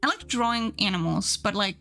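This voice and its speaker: A woman's voice: medium pitch, expressive, brisk, vocal fry, sharp tone. A young adult woman chatting casually on a live stream while she draws, bubbly and giggly, thanking viewers as she goes. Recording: faint music underneath.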